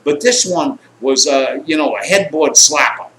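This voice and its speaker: Man, bright forceful voice, slightly high, rambling profane storytelling, echoey room. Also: measured pace, slight background noise. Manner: rambling, coarse, animated quotes. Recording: echoey room, faint ambience.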